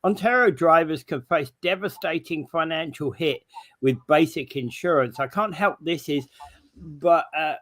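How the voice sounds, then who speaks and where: A man hosting a casual morning talk show, teasing his co-host dryly and stumbling through news details with lots of fillers. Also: fairly high pitch.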